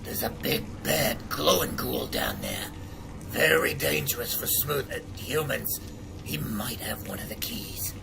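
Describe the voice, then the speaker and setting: In heavily acted game dialogue, a man voices a paranoid old trader living in the sewers, speaking excitably and repeating words with rising alarm. His voice is mid-range and gravelly, a little slow, with background noise present.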